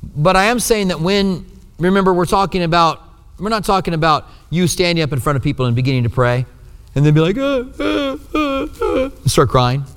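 A man preaching a sermon in an earnest way, rising to strong emphasis and dropping to hushed, low tones. His voice sits a little higher than most men's. The sound carries a long reverb, as in a large hall. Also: brisk, clear, resonant tone. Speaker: pastor.

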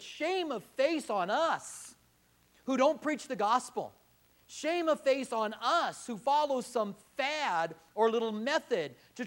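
Male pastor, high animated voice, impassioned sermon delivery in church. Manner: impassioned, rising to emphatic exhortation.

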